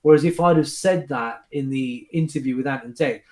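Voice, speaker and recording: A man, a guest magician, chatting casually and telling backstage stories in an animated, restart-heavy way. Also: medium pitch, brisk, roomy sound. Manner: animated storyteller, restarts and fillers. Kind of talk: casual chat recounting anecdotes.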